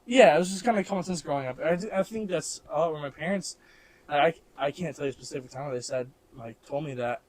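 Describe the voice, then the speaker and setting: Fairly high in pitch and quick in pace, this young adult man co-hosts a casual podcast. He's a Midwesterner from Missouri who rambles, says "like" constantly, starts over mid-thought, and laughs often.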